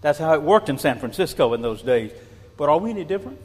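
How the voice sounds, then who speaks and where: An older man preaching a sermon as a pastor, animated, repeating words and asking rhetorical questions. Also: a little high, fast talker. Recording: long reverb in a large hall.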